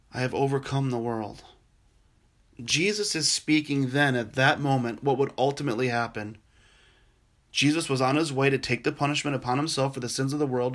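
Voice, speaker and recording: A man preaching a sermon, earnest and gentle, sometimes dropping to a soft, quiet voice for tender passages. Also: mid-range voice. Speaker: pastor.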